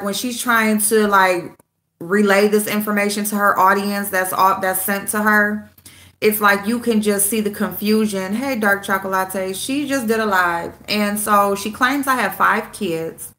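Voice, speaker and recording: Woman host, bright and forward, casual livestream chat. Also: mid-range voice. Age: adult with a school-age son. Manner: greets viewers by name, calls them babe; blunt, repeats herself for emphasis.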